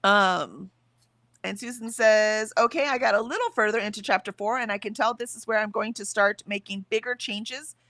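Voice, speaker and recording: A woman with a medium-pitched voice and moderate pace hosts a casual livestream from her bed at home. She's chatty and lively, reading chat comments aloud and laughing often.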